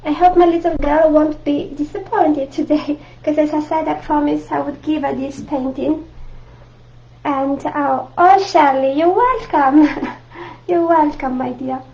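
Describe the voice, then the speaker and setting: Brief: Italian-accented woman art teacher, high and a bit gravelly, chatty, lo-fi livestream audio. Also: steady tone, unhurried, a little hiss or hum. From Italy. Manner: chatty, warm asides to viewers, frequent laughs. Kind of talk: live online painting class. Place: home art room. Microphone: camera mic at close range.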